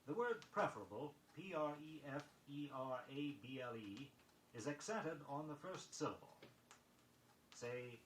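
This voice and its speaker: A man reading a scripted pronunciation lesson, measured and precise, spelling words letter by letter on an old record. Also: medium pitch, lively intonation. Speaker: vocabulary record instructor. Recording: echoey vintage vinyl recording with faint noise.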